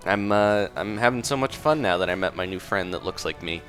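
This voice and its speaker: A man's voice: on the low side, brisk, fairly bright tone, faint music behind, close to an everyday voice. A man voicing a cheerful, naive young male baby zombie in a game story.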